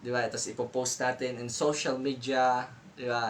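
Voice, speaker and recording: A podcast host with a Filipino accent answers a question in a casual, reflective talk, switching between English and Tagalog and often ending lines with "di ba?". His mid-range voice is flat and a little fast, with a bit of hiss or hum.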